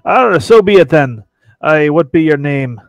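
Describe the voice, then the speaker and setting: A man putting on a gruff pirate guild master. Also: a little high, expressive, a little slow, dry recording. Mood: stern. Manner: mock pirate growl, rolling declamation.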